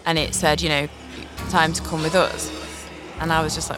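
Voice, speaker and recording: A woman's voice: sits low, normal speed, over music. A woman, recounting a personal experience on a podcast, earnest and reflective, often breaking into short nervous laughs. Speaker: podcast host. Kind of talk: personal storytelling.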